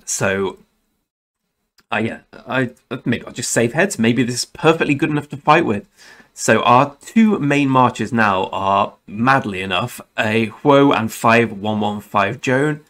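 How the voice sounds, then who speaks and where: A man's voice: medium pitch, fairly bright tone. Chatty man rambling through game commentary. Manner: rambling, self-correcting, chatty with mild swearing. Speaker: gaming channel host.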